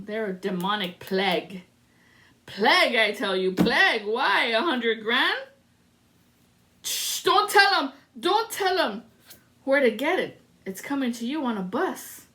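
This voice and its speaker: High, bright-voiced sassy woman reader. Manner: dramatic and sassy, swearing and breaking into sung lines. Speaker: tarot reader. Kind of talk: solo spiritual card reading to camera.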